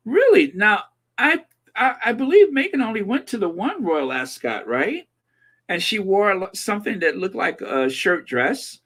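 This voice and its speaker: A man hosting a casual livestream, reading and answering viewer comments. He talks slowly in a somewhat high voice. He is chatty and giggly, and he rambles as he thinks aloud. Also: very animated, a bit bright. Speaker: livestream host reading chat. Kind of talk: casual chat.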